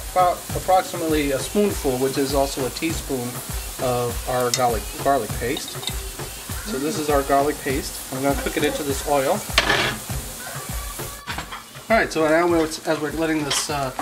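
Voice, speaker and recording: A man's voice: fairly high pitch, noisy background. A man giving a casual cooking demonstration in a kitchen, hesitant, with many filler sounds. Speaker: home cooking instructor. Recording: music playing loudly behind.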